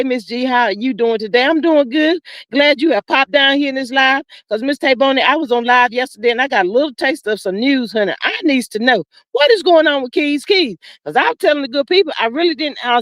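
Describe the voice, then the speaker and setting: A woman hosting a casual gossip live stream, reading viewer comments aloud in a chatty, sassy way. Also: no echo. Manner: chatty, sassy, drawn-out gossip with frequent "child" and "y'all"; laughs between comments, swings high for emphasis.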